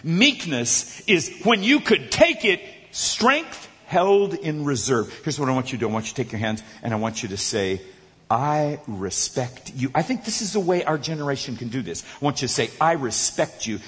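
A male preacher telling a funny story in a sermon, animated and acting out the characters. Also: mid-range voice, fairly quick, hardly any pauses. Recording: echoey large hall.

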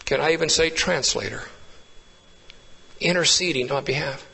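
A pastor preaching a sermon with fervent rises and hushed, intimate drops. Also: male voice, on the high side, normal speed, creaky, breathy edge, big-room sound, poor audio.

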